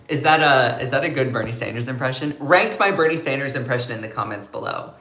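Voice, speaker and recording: A man's voice: mid-range voice, expressive, fast, hardly any pauses, bright, forceful tone, reverberant. A man hosting a live political commentary stream, emphatic and prone to repeating phrases.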